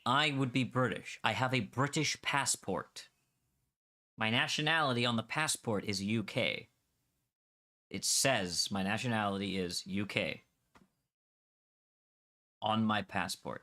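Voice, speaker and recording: Animated Scottish man, bright edgy voice. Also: fairly low pitch, measured pace, pauses often. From Scotland. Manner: animated, argumentative, swears freely. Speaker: Minecraft server streamer. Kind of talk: casual gaming chat.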